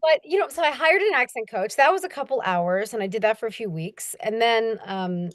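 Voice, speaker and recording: A young woman speaks in a relaxed interview, telling stories about narrating an audiobook. She animates quoted voices with sudden high jumps in pitch. The sound is close and dry, with no room around her. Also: a little fast, dry recording. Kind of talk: casual interview talk.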